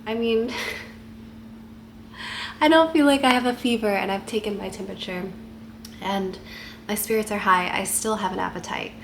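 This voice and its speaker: A woman with a head cold and a stuffy voice, chatting softly and casually to camera at home. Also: medium pitch, normal speed, vocal fry, pauses often, a little hiss or hum. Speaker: vlogger.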